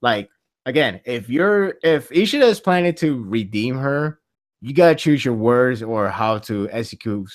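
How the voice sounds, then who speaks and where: A man hosting a casual podcast chat, rambling and animated, laughing often. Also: mid-range voice, normal speed, dry recording, studio quality. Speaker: podcast host.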